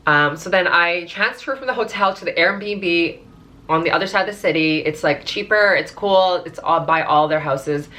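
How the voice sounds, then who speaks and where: Chatty bright-voiced young woman vlogger. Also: on the low side, moderate pace. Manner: chatty, dramatic, swears freely, many fillers. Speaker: vlogger telling a travel story. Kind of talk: casual story time.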